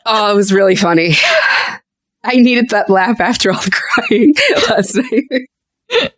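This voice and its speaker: Podcast co-host: lively woman, swears a lot, acts out quotes, dry close mic. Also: medium pitch, slow, no echo. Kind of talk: casual chat.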